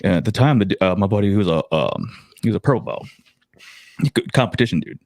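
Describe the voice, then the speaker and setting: A man with a lowish voice talks in casual podcast chat, crude and rambling, with frequent restarts. The sound is dry and close. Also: lively intonation, quick pace, a little mellow, dry recording.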